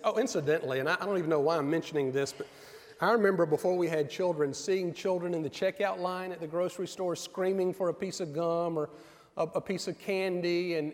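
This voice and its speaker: A middle-aged man preaching a sermon in an earnest, measured way with pauses. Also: sits high. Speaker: pastor. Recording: long reverb of a large hall.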